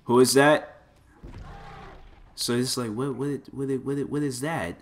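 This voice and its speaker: A man giving loose, excitable commentary over his fighting-game play, full of exclamations and filler words. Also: mid-range voice, slow, faint music behind. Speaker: gameplay commentator. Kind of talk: casual gameplay commentary.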